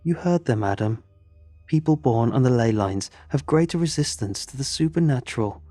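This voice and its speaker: A man voicing a calm, gentle young woman soldier. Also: mid-range voice, normal speed, no room sound, soft background music, close to an everyday voice.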